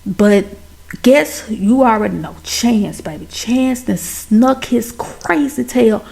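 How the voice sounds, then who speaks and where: A woman giving a chatty, animated recap of a TV drama, talking straight to her viewers. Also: on the high side, slow pace, vocal fry. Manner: chatty, addresses viewers as y'all and baby; animated, exclaims over plot twists. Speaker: TV show recapper.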